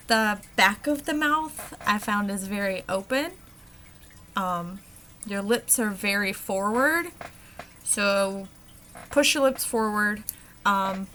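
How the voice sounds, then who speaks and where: Slow, hesitant woman presenting. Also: mid-range voice, pushed and bright, slight background noise. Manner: hesitant, with frequent ums. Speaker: student presenter. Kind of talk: class presentation on a dialect.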